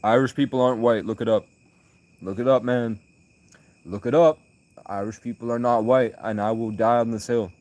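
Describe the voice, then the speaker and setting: A man from the United States chatting on a late-night livestream, rambling through stories and reading out his chat, with loud bursts of laughter. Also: mid-range voice, steady tone, normal speed, long pauses, no room sound.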